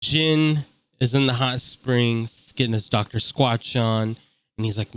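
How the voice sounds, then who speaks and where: A man's voice: mid-range voice, unhurried, clear, resonant tone, no echo. A man giving casual, joking let's-play commentary over a game, full of slang and mocking asides. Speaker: gameplay commentator.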